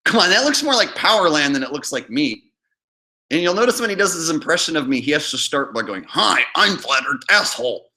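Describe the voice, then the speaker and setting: A man's voice: on the high side, sing-song, fast talker, sharp tone. A man hosting a reaction video, mocking and sarcastic and often laughing. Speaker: host. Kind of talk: reaction commentary.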